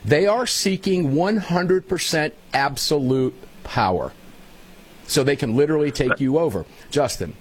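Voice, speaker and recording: A husky male host with a lively, swooping delivery runs a political roundtable. He calls on his guests by name and pushes them with pointed questions. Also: a little high, unhurried. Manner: animated, prods guests by name. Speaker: show host. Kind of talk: political panel hosting.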